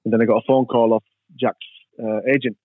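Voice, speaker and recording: Speaking fairly quickly at a medium pitch with little pitch movement, this English interview guest rambles through anecdotes in a casual chat, voicing the characters in his stories. The audio is dry and tinny, like a phone line.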